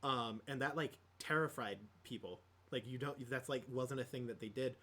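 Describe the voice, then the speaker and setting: Podcast co-host, male, easygoing ramble, lots of ums and restarts, mid-pitched. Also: normal speed, pushed and bright. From Midwest United States. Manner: rambling, many fillers and restarts. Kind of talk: casual chat about tabletop gaming.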